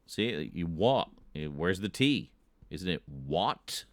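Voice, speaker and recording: A very deep British man with an unhurried drawl chats playfully with his viewers. His pitch swings widely as he jokes and chuckles between remarks, a relaxed stream host with a British accent. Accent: British English. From Britain. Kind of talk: casual chat with chat readers.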